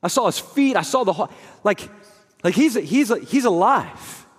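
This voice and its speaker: A man putting on an urgent, breathless woman who rushes in with news. The voice sits higher than usual and stumbles over itself, with a long hall echo behind it. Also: big pitch swings, breathy edge, heavily acted.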